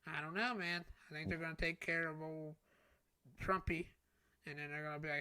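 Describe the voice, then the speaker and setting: A man's voice: on the high side, fairly even intonation, brisk, bright, forceful tone, clean tone. A man co-hosting a casual podcast chat, teasing his friend and laughing often. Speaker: podcast co-host.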